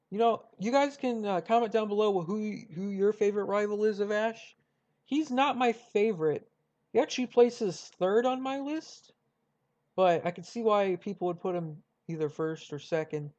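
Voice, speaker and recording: A man's voice: sits high, darkish tone. Rambling young guy on a dull mic. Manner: rambling, many fillers and restarts. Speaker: YouTuber ranking cartoon rivals. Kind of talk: casual commentary.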